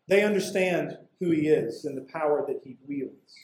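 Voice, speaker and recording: A man with a high voice preaches in a conversational way, breaking into casual asides and leaning on emphatic pauses. His voice rings through a roomy, echoing church sanctuary. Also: animated, darkish tone. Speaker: pastor. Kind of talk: expository sermon. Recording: echoey room.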